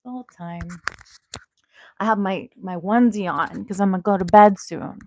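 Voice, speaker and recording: A young woman hosting a casual home livestream, chatting playfully and drifting into soft murmurs, recorded on a small clip-on mic. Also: mid-range voice, brisk, a little hiss or hum. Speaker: host.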